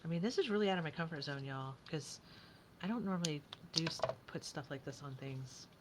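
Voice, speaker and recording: Low-voiced woman crafting aloud. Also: animated, brisk, background noise. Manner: chatty, thinking aloud, often drops to a whisper. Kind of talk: casual crafting commentary.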